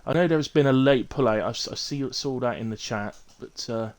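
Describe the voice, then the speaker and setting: A man's voice: medium pitch, brisk. A man with a Bristol accent casually commentating a sim racing league on a live stream, chatty and rambling with ums and self-corrections. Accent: Bristolian English.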